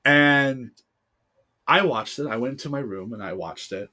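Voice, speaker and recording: Animated, heartfelt storyteller with a man's voice. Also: medium pitch, normal speed. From United States. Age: 30s. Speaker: podcast guest. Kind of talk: casual podcast interview.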